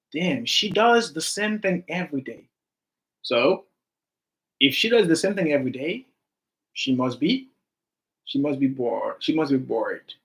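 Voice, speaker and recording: A man teaching an English grammar class online, animated and repetitive as he coaxes his students to give examples. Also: fairly high pitch.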